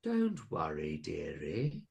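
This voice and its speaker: A man voicing a croaking, monstrous old female ghoul who sweetly calls people dear, in a comedy horror story reading. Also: lowish voice, big pitch swings, measured pace, darkish tone, lo-fi sound. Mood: reassuring.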